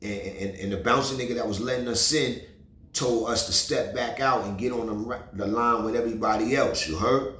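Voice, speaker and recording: A man telling a story from the street in a casual, animated, profane way, stumbling and checking in with his listener. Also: medium pitch, fairly quick, roomy sound. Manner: animated, profane, repeats "you heard".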